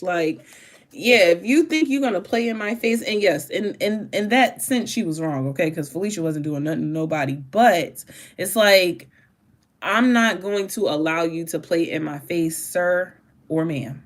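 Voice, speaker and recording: A woman's voice: lowish voice, measured pace, long pauses. A woman doing a casual tarot reading, talking in a rambling, emphatic way and swearing freely. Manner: profane, rambling and emphatic, with sudden laughs. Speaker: tarot reader.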